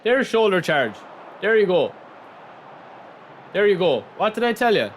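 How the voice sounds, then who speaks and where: A man's voice: sits high, very animated, measured pace, a little hiss or hum. A young man streaming a football game live, chatting and commentating in a repetitive, teasing way, tagging "man" onto his lines. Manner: teasing, laughs easily.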